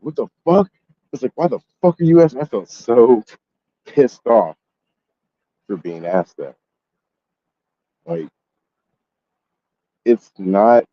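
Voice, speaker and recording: A man with a low, husky voice tells a story in a casual gaming vlog, ranting with plenty of swearing. The recording is dull and lo-fi. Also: dark tone. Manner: profane, exasperated ranting. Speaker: gaming YouTuber.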